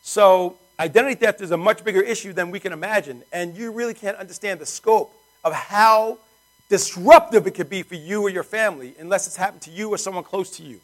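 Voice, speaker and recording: Upbeat, high-voiced male salesman working a live room of guests. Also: brisk, poor audio. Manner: energetic, keeps asking the crowd rhetorical questions. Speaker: sales presenter. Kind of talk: sales pitch to a live audience.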